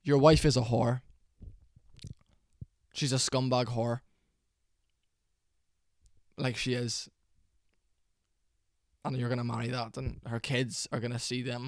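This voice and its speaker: A young man giving a casual, rambling reaction commentary, tired and low on energy, with fillers and swearing. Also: little pitch movement, slow pace, pauses often, no room sound, studio quality. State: sleepy, worn out. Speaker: MMA reaction channel host.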